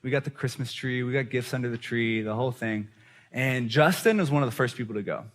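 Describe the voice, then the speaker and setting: A male preacher giving an animated storytelling sermon, laughing often as he talks. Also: mid-range voice, a little fast. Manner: animated, laughs while telling stories. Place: church gathering hall.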